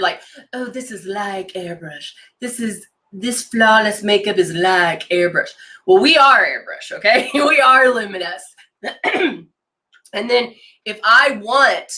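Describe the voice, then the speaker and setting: With a mid-range voice that sounds pushed and bright, a woman runs a live makeup demo as a consultant. She chats casually and eagerly while applying products, reading out comments from viewers along the way.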